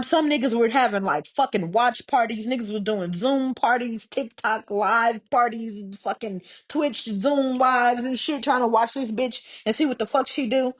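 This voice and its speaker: A young woman from Texas hosts her own podcast and rants solo, cursing constantly and full of sarcasm. Her voice sits a little high for a woman, and she swings between drawn-out mockery and quick, heated outbursts. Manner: profane, heated and sarcastic, mocking others in put-on voices. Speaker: podcast host. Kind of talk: casual solo podcast rant.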